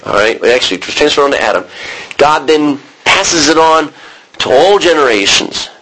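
An American man teaching a Bible sermon in a conversational way, often restarting and clearing his throat. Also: on the high side, animated, moderate pace, pushed and bright, rough recording. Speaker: preacher.

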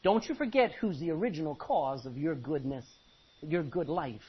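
Male pastor, sermon delivery, animated and joking, lively pitch, slightly husky. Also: normal speed. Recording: dull lo-fi recording.

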